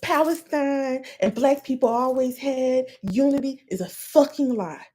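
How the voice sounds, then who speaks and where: A woman's voice: high-pitched, measured pace, a little mellow. A woman podcast host on a live stream, ranting in a heated, profane way.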